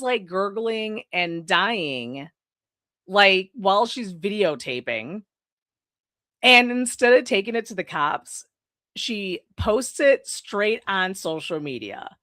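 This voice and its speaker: Young woman host, unhurried gossipy film recap, salty language, dry close sound. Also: mid-range voice, a bit bright, no echo. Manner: profane, gossipy retelling with quick asides. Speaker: podcast host. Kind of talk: casual film review chat.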